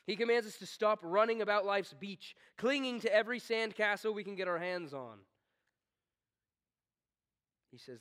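A man preaching a sermon, swinging from hushed, slow tones to stern, rising commands. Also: high voice, animated. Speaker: pastor.

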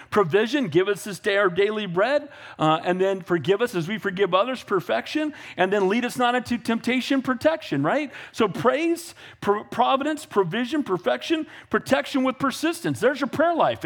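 A man preaching a sermon as pastor, swinging from calm asides to fervent, raised passages and calling out to the congregation. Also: sits high. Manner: builds to fervent, raised preaching, with audience call-outs.

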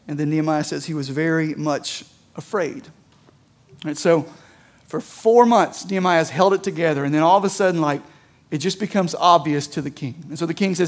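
A man with a high voice preaching a sermon in a relaxed, conversational way. He reads passages aloud and then unpacks them plainly, often pausing to ask his listeners "right?" or "okay?". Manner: conversational preaching with frequent rhetorical "right?" checks; reads scripture aloud, then explains it casually. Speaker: pastor.

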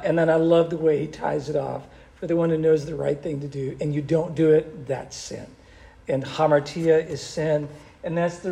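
A man preaching a sermon in an animated, conversational way, with a gravelly voice. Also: a little high. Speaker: pastor.

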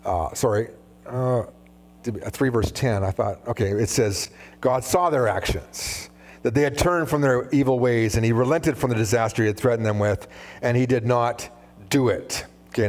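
A man preaching a sermon as pastor, conversational and animated, full of asides. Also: mid-range voice.

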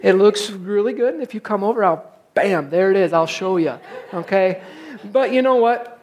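Man, middle-aged, pastor, sermon, animated, self-deprecating storyteller, church. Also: high voice, moderate pace. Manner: animated, self-mocking storyteller who acts out his frustration.

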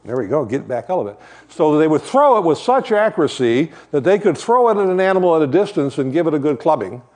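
A man's voice: fairly high pitch, a little mellow. An older man giving a sermon as a guest preacher, talking in a conversational way with joking asides while he shows shepherd props.

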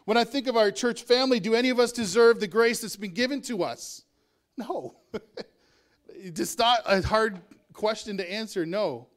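A man's voice: high voice, normal speed. A male pastor preaching a sermon in a conversational way, with asides and chuckles.

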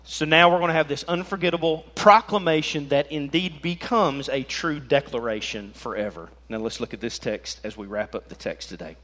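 Lively joking pastor guy, bright voice, kinda high. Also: normal speed, few pauses. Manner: animated, joking, swings from loud to soft. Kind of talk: sermon.

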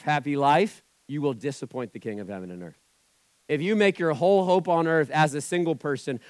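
A man's voice: on the high side, no echo. A man preaching a sermon as pastor, talking in a conversational style and acting out the voices he quotes.

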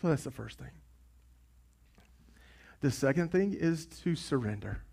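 A man's voice: mid-range voice, animated, measured pace, gravelly, a little mellow, slightly rough. A man preaching a sermon as pastor, impassioned and urgent, often repeating himself for emphasis. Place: church sanctuary.

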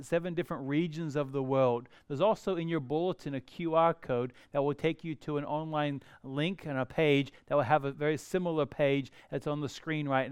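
A man preaching a sermon as pastor, earnest, rising to emphatic bursts and dropping low and quiet. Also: smooth, no room sound, studio quality.

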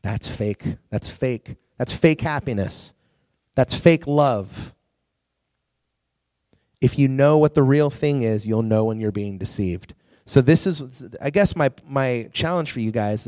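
Guy youth pastor preaching, lively storytelling, does little voices, dry close sound. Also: mid-range voice, no echo. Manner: animated storytelling with acted-out quotes. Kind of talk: sermon to a youth group.

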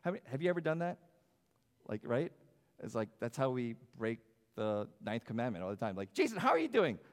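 A man's voice: medium pitch, animated, moderate pace, darkish tone, smooth. A man preaching a sermon in a church sanctuary, talking conversationally and asking the congregation questions. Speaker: pastor. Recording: long hall reverb.

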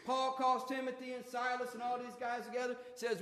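A man's voice: very high voice, little pitch movement, brisk, a bit bright. A man preaching a sermon in a folksy, colloquial storytelling manner. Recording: echoey hall with long reverb.

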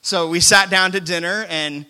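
A man preaches to his congregation in a church, slightly higher-pitched than most men. His voice is bright and pushing, and he tells stories in an easy, self-mocking way. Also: fairly even intonation, moderate pace, clear, resonant tone. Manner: conversational, self-deprecating storytelling. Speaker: pastor. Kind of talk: sermon. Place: church sanctuary before a congregation.

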